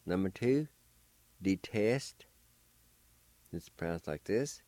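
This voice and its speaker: A man with a deep, mellow voice hosts a radio language lesson, taking his time. He spells and sounds out each word syllable by syllable as a patient, encouraging teacher. The sound is close and dry. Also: animated, dry recording. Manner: spells and pronounces words slowly, syllable by syllable.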